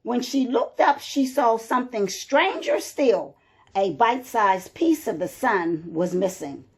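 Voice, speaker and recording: A woman reading a children's picture book aloud, slow and expressive. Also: fairly high pitch, slightly rough. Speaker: storyteller. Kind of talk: children's storybook read-aloud.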